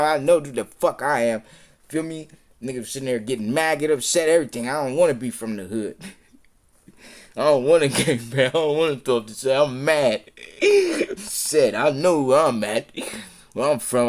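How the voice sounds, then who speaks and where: A man on a live stream, talking in a heated, profane, rambling rant that circles back and repeats itself, sometimes dropping to a low mutter. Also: darkish tone.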